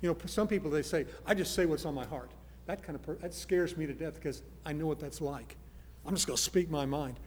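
A man preaching a sermon, earnest, moving from soft pleading to loud emphasis. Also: fairly high pitch, a little fast, few pauses, big-room sound, a little hiss or hum. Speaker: pastor.

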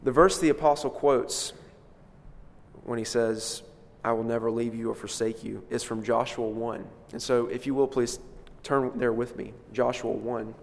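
A man preaching in a church, his voice sitting at an ordinary middle pitch. He leans on key words with sudden swells of loudness, then falls back almost to a murmur. A long hall reverb trails behind every phrase. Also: fairly even intonation, moderate pace, vocal fry. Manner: emphatic, swells and drops in loudness for stress. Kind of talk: expository sermon.

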